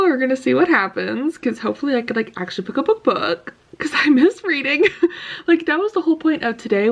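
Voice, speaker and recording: A woman's voice: on the high side, muffled recording. A woman talking casually in a reading vlog, rambling and laughing now and then. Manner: chatty, rambling, laughs often. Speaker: reading vlogger.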